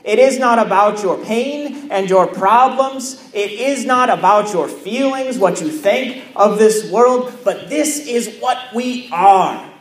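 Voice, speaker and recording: Pastor, male, high-pitched, slow deliberate sermon delivery in a roomy church. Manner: measured preaching with repeated phrases and pauses.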